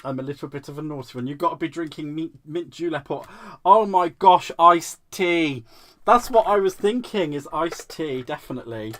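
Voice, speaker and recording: A crafting livestream host runs a live demo in a fairly high, slightly bright, expressive voice at normal speed. He giggles, plays around, pokes fun at himself and responds to viewers' chat comments while working.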